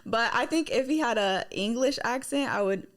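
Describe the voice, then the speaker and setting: A woman's voice: on the high side, expressive, normal speed. Giggly young woman, chatty and loose. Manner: chatty, filler-heavy, giggly. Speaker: guest, singer and model. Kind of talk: casual podcast interview.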